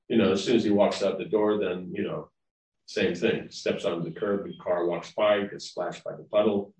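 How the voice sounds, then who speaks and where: Speaking at normal speed in a low, somewhat mellow voice, this spiritual lecturer gives a devotional class in a loose, chatty style, frequently checking on his audience. There's a faint hiss or hum, and the room-heavy sound suggests a distant mic.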